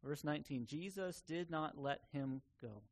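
A male pastor delivering a sermon with a voice that sits a little higher than most men's. He talks earnestly and conversationally, reasoning aloud with his listeners and sometimes stopping on a filler before pressing on. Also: moderate pace, gravelly.

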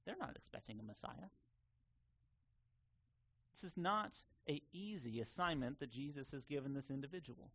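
A man preaching a sermon in an earnest, conversational way, sometimes pausing on fillers. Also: fairly high pitch, lively intonation, gravelly, a bit bright, husky. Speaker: pastor.

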